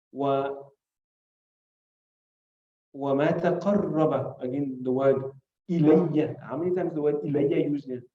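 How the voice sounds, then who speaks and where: Male teacher, mellow higher voice, recites Arabic and explains it, muffled roomy classroom recording. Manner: explains word by word, asks rhetorical questions; recites classical Arabic phrases between English. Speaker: teacher of hadith commentary. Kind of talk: classroom lesson. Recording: muffled recording in echoey room.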